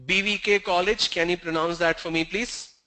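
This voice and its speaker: A man's voice: high voice, fairly even intonation, moderate pace, pushed and bright, poor audio. A man giving an online pronunciation lesson, who drills word lists sound by sound and tells stories to the class over a video call. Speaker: pronunciation trainer.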